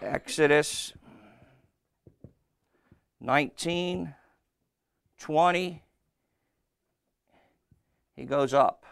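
A man's voice: a little high, creaky, a bit bright, clear, resonant tone, no echo. A man preaching a sermon, asking his congregation questions and answering them himself. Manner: slow, call-and-response questions to the congregation.

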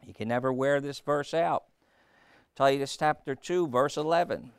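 A man's voice: fairly high pitch, clear, resonant tone, no echo, studio quality. A man preaching a sermon, emphatic and rhetorical, firing questions at the congregation and repeating phrases for effect.

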